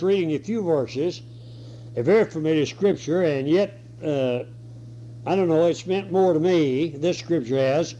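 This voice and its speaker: A man preaching a sermon and reading scripture, hoarse with a cold and clearing his throat now and then. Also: a little high, mellow. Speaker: pastor. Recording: dull lo-fi recording.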